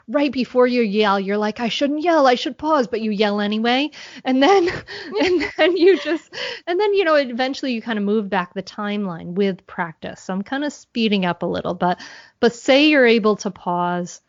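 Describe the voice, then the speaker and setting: A woman answering as a podcast guest, explaining calmly and earnestly, thinking aloud as she goes. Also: mid-range voice, no echo, dull audio. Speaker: guest, mindfulness mentor for parents.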